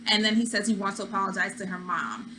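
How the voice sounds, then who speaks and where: A woman's voice: mid-range voice, quick pace, background noise. A woman hosting a reality TV recap, talking in a casual, opinionated way and acting out what people said. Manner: chatty, opinionated, acts out quotes. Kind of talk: casual commentary.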